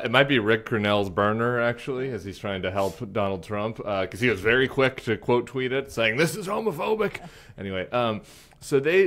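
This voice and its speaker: Podcast co-host, man, middle-aged, low voice, halting storyteller with a sore lip. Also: a bit bright. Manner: rambling, halting, jokey. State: sore lip, slightly mumbly. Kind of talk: casual political chat.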